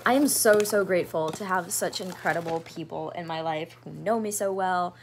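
A woman's voice: lowish voice, moderate pace, slight background noise. A woman in her twenties talking through gifts in a casual vlog, gushing and gasping, saying "like" and "oh my gosh" a lot. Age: 20s. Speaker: vlogger.

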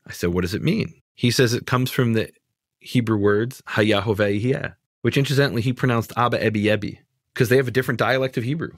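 A man's voice: mid-range voice, quick pace, dry recording, studio quality. A man teaching in conversation, emphatic and dismissive of mistaken ideas, explaining word meanings step by step. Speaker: Bible teacher.

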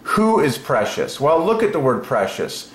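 A man hosting a casual solo video, musing aloud and breaking into excited exclamations. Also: a little high, moderate pace. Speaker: religious video host. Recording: echoey room with faint noise.

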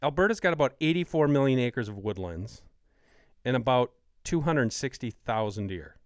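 A man's voice: medium pitch, animated, moderate pace, clean tone, no echo, clean studio sound. A man with a Wisconsin accent hosting a podcast, asking questions keenly and citing numbers. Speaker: podcast host. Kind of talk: casual interview talk.

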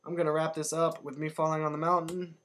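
A man giving casual, excitable commentary while playing a video game, jumping up in pitch whenever he survives. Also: fast. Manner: excitable, yelps upward when surviving. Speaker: let's play gamer.

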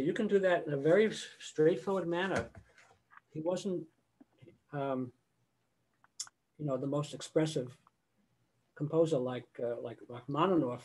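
A man's voice: a little high, a little mellow. An older man, a choral conductor, giving a conversational lecture over a video call and breaking into sung example phrases. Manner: conversational, sings example phrases mid-explanation.

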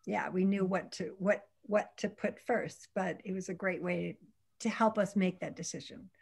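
A woman's voice: fairly low pitch, moderate pace, creaky, darkish tone, breathy edge. A middle-aged woman, an English professor and romance author, chatting on a panel and thinking aloud with small restarts. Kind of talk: casual panel chat on a video call.

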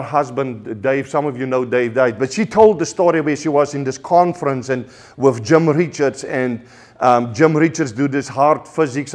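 Male preacher, South African accent, fervent and halting, slightly high voice. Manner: passionate, repetitive, with stammered restarts. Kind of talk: sermon.

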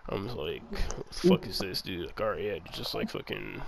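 A man's voice: lowish voice, sing-song, normal speed, gravelly, noisy background. A man telling a rambling, profane story in a casual chat, full of laughs.

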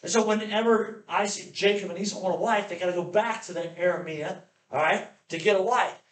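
A pastor preaching a sermon, animated and playful, often acting out the voices of the people in his stories. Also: high voice, brisk, roomy sound.

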